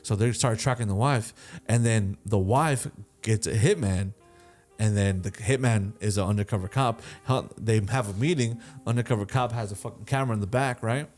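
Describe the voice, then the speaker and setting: A young man hosting a podcast, telling a crime story in a loose, animated way, swearing a lot and checking in with "right?". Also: fairly low pitch, moderate pace, soft background music. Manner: swears constantly, animated retelling, keeps asking "right?". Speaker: podcast host. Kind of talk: casual storytelling.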